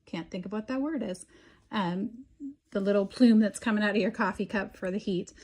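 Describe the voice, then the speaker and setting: A woman's voice: mid-range voice, moderate pace, a little mellow. Casual woman explaining a craft project. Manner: casual, many filler ums, explains step by step. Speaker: craft instructor. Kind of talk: relaxed craft tutorial walkthrough.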